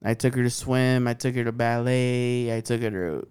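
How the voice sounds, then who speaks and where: A man's voice: medium pitch, steady tone, moderate pace, darkish tone, smooth. A man in his thirties co-hosting a podcast, chatting casually with lots of profanity, filler words and laughs. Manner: laid-back, profane, laughs often, lots of "like". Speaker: podcast co-host. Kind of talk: casual chat.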